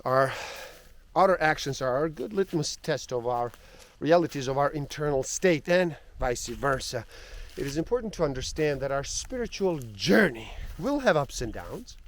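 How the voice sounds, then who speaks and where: A man reading passages of a spiritual book aloud in a slow, reflective way. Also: fairly high pitch, animated.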